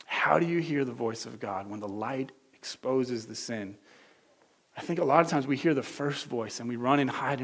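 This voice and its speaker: A man preaching a sermon as pastor, earnest and conversational, with many rhetorical questions. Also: mid-range voice.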